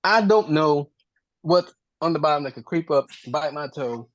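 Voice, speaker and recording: A man's voice: fairly high pitch, animated, normal speed, fairly bright tone, no room sound. A man co-hosting a casual sports podcast in a laid-back, joking way. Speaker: podcast co-host.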